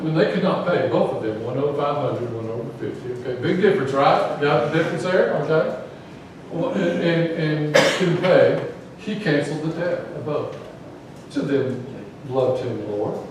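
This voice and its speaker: A man preaching a casual, folksy sermon in a church and asking the congregation questions. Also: a little high. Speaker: pastor. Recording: echoey church from far off, background noise.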